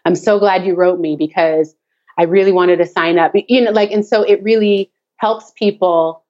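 A woman's voice: lowish voice, normal speed, dull audio. A woman guest, a dance teacher, chatting casually in an interview and telling stories animatedly with frequent laughter. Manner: animated storyteller, laughs often, acts out her child's voice. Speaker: guest, tap dance teacher and course creator. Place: home office at the back of the garage.

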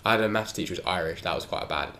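Fast-talking young English man, roomy echo. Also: low voice, vocal fry, sharp tone. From England. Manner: chatty, slangy, laughs often. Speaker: podcast host. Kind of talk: casual chat. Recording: echoey room with faint ambient noise.

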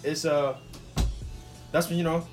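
Young guy, a bit high, rambling and teasing, with clear music behind. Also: steady tone, unhurried. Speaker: friend in a group chat. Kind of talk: casual chat among friends.

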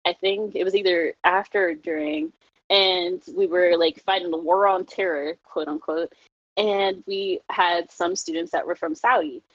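A young adult woman chatting casually, telling her own stories in an animated, profane way, full of "like" and quick laughs. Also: on the low side, no room sound. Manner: animated, profane, heavy use of "like", laughs often. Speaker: guest telling personal stories. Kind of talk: casual chat. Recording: dry, slightly muffled lo-fi recording.

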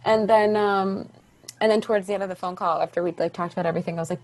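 Chatty actress telling a story. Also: female voice, medium pitch, rapid-fire. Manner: animated, acts out quoted voices. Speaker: podcast guest, stage actress. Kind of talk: casual interview storytelling.

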